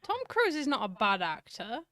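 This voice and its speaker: A woman's voice: a little high, big pitch swings, moderate pace, fairly bright tone. A woman co-hosting a casual chat, teasing and laughing often. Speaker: co-host.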